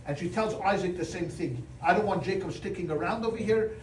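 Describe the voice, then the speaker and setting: Rabbi teaching a class, lively and joking, acts out the characters, higher-pitched male voice, miked from a distance in a roomy hall. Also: fairly quick. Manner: animated, humorous, acts out voices with Yiddish exclamations. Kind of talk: lively storytelling Torah class. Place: room with a live audience. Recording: roomy sound from a distance, faint room noise.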